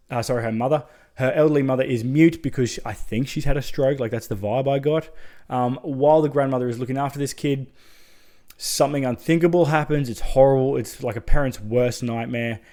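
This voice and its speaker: Man, mid-pitch, casual horror reviewer, keen and profane, talks straight to camera. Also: a little mellow. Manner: enthusiastic, swears freely, chatty asides. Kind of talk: casual spoken film review.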